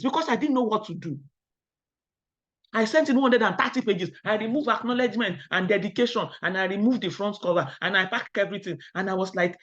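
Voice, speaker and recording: A middle-aged Nigerian woman giving a webinar talk, firing rhetorical questions at the audience and telling lively personal stories. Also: medium pitch, brisk. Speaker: academic webinar speaker. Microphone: video call. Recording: dull lo-fi online call audio.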